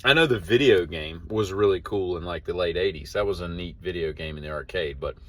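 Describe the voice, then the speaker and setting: A man's voice: low-pitched, brisk, a little hiss or hum. A man, hosting a casual daily monologue, wandering off track and correcting himself as he tells a story. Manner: meandering, self-correcting, wry storyteller. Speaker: host of a daily show.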